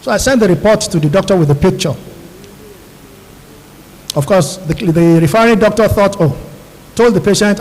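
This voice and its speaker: A middle-aged Nigerian radiologist addresses a room of new doctors, telling his stories earnestly and speaking straight to them. His voice sits high for a man. The sound carries a long echo from a big auditorium. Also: normal speed, long pauses, darkish tone. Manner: earnest, storytelling, addresses audience directly. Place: large university auditorium. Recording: long hall reverb.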